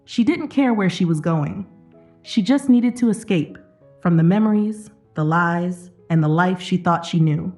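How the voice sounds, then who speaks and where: A woman tells an emotional drama in a steady, scripted narration, her voice set fairly low. Soft music runs faintly beneath her words. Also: measured pace.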